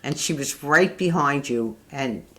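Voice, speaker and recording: An older woman telling family memories in a fond, halting way, with frequent restarts. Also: rumbling low, lively intonation, a bit bright, a little hiss or hum. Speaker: interviewee, mother. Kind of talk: casual family reminiscing.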